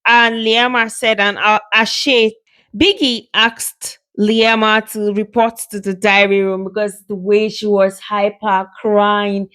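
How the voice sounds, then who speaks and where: A woman's voice: mid-range voice, little pitch movement, slow, a bit bright. A woman casually narrating a reality show recap in a loose, rambling storytelling way with fillers.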